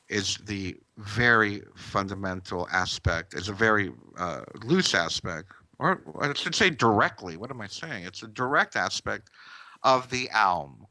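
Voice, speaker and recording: A very low, slow-speaking man guides a meditation class, calm and instructive. His tone is bright and forward, and the recording is dry and close, with no room sound. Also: no echo. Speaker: meditation teacher.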